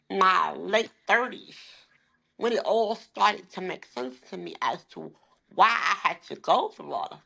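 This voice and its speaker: A woman in her forties, a life coach, talking openly and with deep faith, emphatic and heartfelt, at times holding back tears. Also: creaky, sharp tone. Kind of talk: candid faith-filled interview talk.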